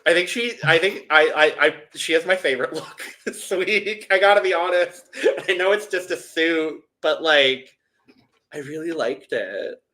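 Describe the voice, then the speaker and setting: Speaking at a normal speed with a sharp tone and slightly high pitch, a male podcast co-host recaps in a loose, rambling manner. He restarts frequently and leans on "like."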